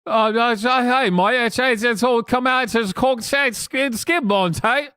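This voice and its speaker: A man's voice: extremely high pitch, normal speed, pushed and bright, smooth, dry recording, clean studio sound, voice pushed up. A man putting on a garbled, exaggerated fake Cockney accent, parodying a rambling stand-up comic. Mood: mocking. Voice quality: garbled, slurred parody speech.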